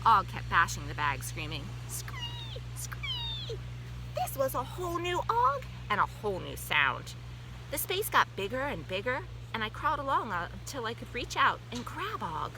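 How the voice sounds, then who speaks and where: A woman's voice: medium pitch, background noise. A woman reading a children's book aloud in first person, playful and full of exclamations. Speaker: storyteller.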